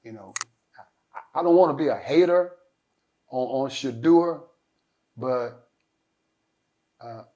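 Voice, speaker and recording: A man's voice: mid-range voice, slow pace, long pauses, warm tone. A male host of a sports podcast, reading out player lists in a casual, talky way with lots of fillers and opinionated asides.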